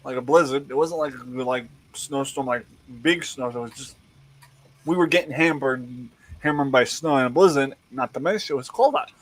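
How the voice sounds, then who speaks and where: A man's voice: medium pitch, moderate pace, low-quality recording. A man telling a rambling anecdote in casual chat, laughing as he goes.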